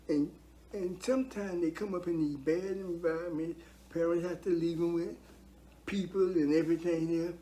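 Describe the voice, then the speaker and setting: Earnest older man giving testimony, mellow voice. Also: on the high side, a little hiss or hum. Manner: earnest, preachy, repeats himself for emphasis. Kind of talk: heartfelt spoken testimony.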